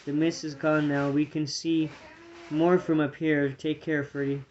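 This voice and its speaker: A man doing a calm warrior squirrel. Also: fairly high pitch, unhurried, highs cut off, a little hiss or hum, lightly acted. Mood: steady. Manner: calm, plain commands. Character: steady male warrior squirrel, leader.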